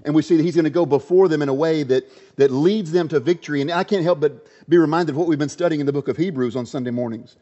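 A man preaching a sermon from the pulpit of a church, emphatic, swinging between loud stresses and quiet asides. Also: fairly high pitch, quick pace, few pauses, big-room sound, lo-fi sound. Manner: emphatic, varies loudness, drops to quiet asides.

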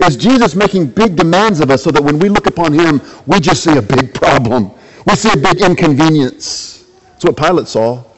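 A pastor delivering a sermon in a fairly high male voice. He reads passages aloud, then presses his listeners with repeated rhetorical questions. When he quotes someone, his pitch lifts. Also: background noise.

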